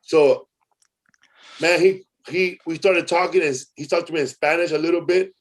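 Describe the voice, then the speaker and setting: Slangy male podcast host, higher pitch. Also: fairly even intonation, moderate pace. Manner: loose, rambling, slangy with "bro" and "man". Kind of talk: casual storytelling chat.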